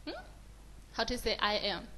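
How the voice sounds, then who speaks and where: Female Mandarin tutor, Chinese accent, higher voice, patient and encouraging, switches between English and Mandarin. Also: moderate pace, sharp tone, slight background noise, poor audio. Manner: mixes English with Mandarin, praises often. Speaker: Mandarin teacher. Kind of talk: slow, encouraging beginner lesson.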